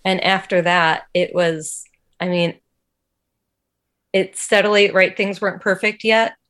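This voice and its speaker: A woman with a slightly low voice tells a personal faith testimony in an interview. She talks casually and earnestly, with many "like" fillers. Her delivery is emotional and open. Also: fairly even intonation, measured pace, fairly bright tone. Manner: casual, heavy use of "like" fillers. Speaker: interview guest.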